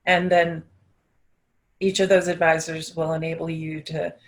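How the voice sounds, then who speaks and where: A woman's voice: sits low, little pitch movement, a little slow. A woman dental practice consultant answering interview questions in an emphatic way, repeating her key points.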